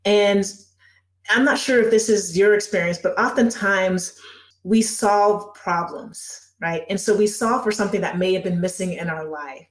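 A woman's voice: medium pitch, normal speed. Reflective woman host, echoey room. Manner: reflective, affirming, asks probing questions. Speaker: podcast host. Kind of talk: interview conversation.

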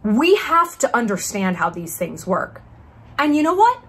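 Husky yet on the high side, this woman sounds very animated while taking her time. She's in her thirties, hosting a casual YouTube commentary video to camera, profane and brash, heavy on sarcasm and sugary, condescending asides.

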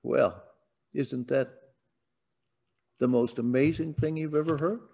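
Slow-speaking man preaching a sermon. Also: medium pitch, gravelly, darkish tone, husky. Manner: storytelling, rising to emphatic declarations. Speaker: pastor. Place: church sanctuary.

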